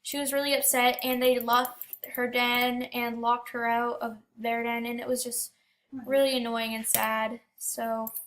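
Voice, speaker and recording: A woman's voice: on the high side, flat delivery, a little slow, fairly bright tone, slight background noise. A teenage girl casually telling stories about an online game, chatty with many fillers and restarts. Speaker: gaming storyteller. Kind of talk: casual storytelling.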